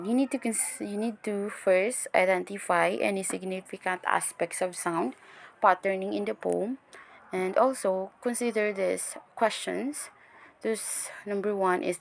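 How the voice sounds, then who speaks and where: A young woman talks through a recorded class presentation in a gravelly, fry-touched voice. She explains point by point, often stopping to restart a word. A faint hiss sits under the recording. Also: medium pitch. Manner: halting, many restarts and fillers, explaining step by step. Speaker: student presenter.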